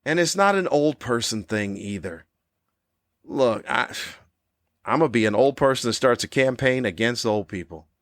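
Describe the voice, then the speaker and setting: A man in his fifties hosting a podcast, delivering a cranky comedic monologue with animated, ranting jabs. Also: normal speed, dry recording, clean studio sound. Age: 50s. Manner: animated, ranting, with sudden high-pitched jabs. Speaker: podcast host.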